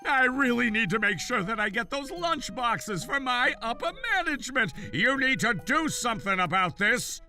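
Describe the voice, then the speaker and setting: A man acting out a frantic, scheming office worker in a cartoon story. He is loud in his demands and pushy, and his voice sits high and bright with big leaps in pitch. Faint music plays underneath. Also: lively intonation, moderate pace, hardly any pauses, full character voice.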